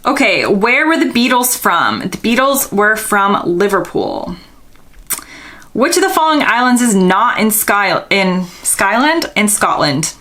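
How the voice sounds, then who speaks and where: A woman's voice: mid-range voice, sing-song, measured pace, pushed and bright. A young American woman vlogger, casually thinking aloud and second-guessing herself while answering quiz questions. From United States.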